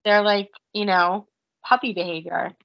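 A woman in her thirties hosting a casual chat, telling animated stories with swearing and frequent laughter. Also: medium pitch, measured pace, vocal fry, no room sound, lo-fi sound. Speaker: podcast host.

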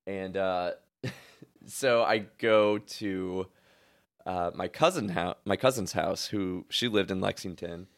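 Laid-back young man with a low voice. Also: slow pace. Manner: laid-back, heavy filler words, swearing, animated when retelling. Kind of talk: casual storytelling chat.

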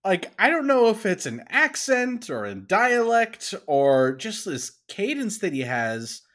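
A man's voice: sits high, huge pitch swings, measured pace, fairly bright tone. Man eagerly retelling movie trivia. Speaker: podcast co-host. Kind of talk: casual movie review chat.

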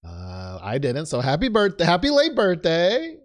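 A man's voice: a little high, huge pitch swings, a little slow. A young man hosting a casual podcast, rambling and joking at himself with plenty of fillers. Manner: rambling, self-deprecating, with frequent fillers and restarts. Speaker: podcast host. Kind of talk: casual chat.

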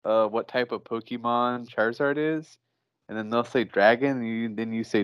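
A man's voice: medium pitch, steady tone, normal speed, smooth, dry recording, muffled recording. A man with a mid-range voice, recorded dry and close. He co-hosts a podcast and keeps up teasing banter. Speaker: podcast co-host. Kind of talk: casual podcast chat.

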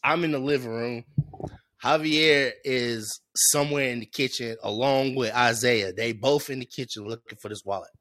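Bright-voiced animated male storyteller. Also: medium pitch, moderate pace. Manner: animated storyteller, acts out quotes, laughs often. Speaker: podcast co-host. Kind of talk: casual storytelling chat.

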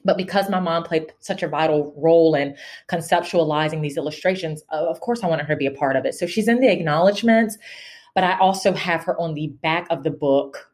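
A middle-aged woman, a first-time children's book author, chatting in an interview, animated, laughing often and repeating words as she starts. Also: low voice, brisk. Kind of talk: casual interview talk.

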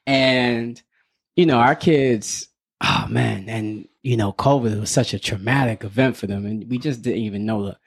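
A man's voice: moderate pace, husky. A man in his thirties co-hosting a podcast, talking loosely and laughing often. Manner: animated, laughs often, mimics his daughter in high voice. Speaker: podcast co-host. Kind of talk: casual chat.

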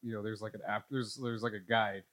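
Low-voiced man chatting casually. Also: level tone, quick pace, fairly bright tone, no echo. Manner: loose, says dude and uh, stumbles over words. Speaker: podcast co-host. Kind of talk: casual chat.

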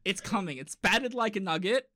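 A young man rambles and jokes through a casual podcast chat. His pitch swings widely as he riffs. The sound is dry and close. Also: fairly quick, no room sound. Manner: joking, rambling, animated. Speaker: podcast co-host.

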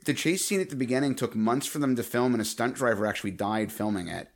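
A man's voice: mid-range voice, fast, vocal fry. A man co-hosting a movie podcast in casual chat, laughing often and arguing playfully. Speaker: podcast co-host.

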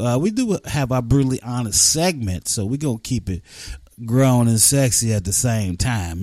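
A man hosts a radio show with an easygoing, rambling flow, piling on slang and casual asides. His voice sits at a mid pitch, and the recording is dry and close, with no room sound. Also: darkish tone, dry recording. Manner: loose, rambling, chatty with vernacular.

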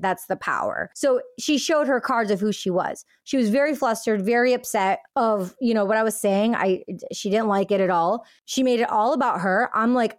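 A young woman with a fairly high voice tells a personal story in a loose, chatty monologue. She leans on "like" fillers and acts out what others said. The sound is dry and close to the mic. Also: moderate pace, few pauses, dry recording. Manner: animated, frequent "like" fillers, acts out quoted dialogue. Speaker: podcast host.

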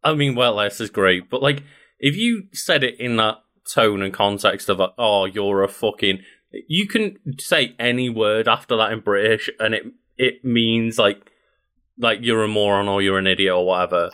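Male co-host with a lowish, bright voice; curious, hedging casual chat. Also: moderate pace. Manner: asks questions, hedges with "I mean". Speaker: podcast co-host.

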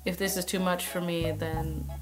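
A woman's voice: lowish voice, level tone, normal speed, soft background music. Laid-back candid female co-host. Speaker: podcast co-host. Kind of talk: casual chat.

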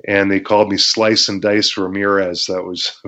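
Deep male voice, laid-back storyteller, laughing often, muffled lo-fi audio. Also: little pitch movement, moderate pace, sharp tone. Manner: laid-back, laughs while telling stories, many fillers. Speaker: former pro wrestler, guest. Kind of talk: casual interview storytelling.

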